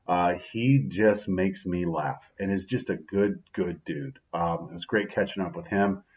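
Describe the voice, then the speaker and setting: A man hosting his own daily motivational video, talking casually and warmly about his day, often adding "right?" and fillers. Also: deep voice, a little slow, highs cut off. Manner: upbeat and heartfelt, with frequent "right?" and "um" fillers. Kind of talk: casual spoken reflection.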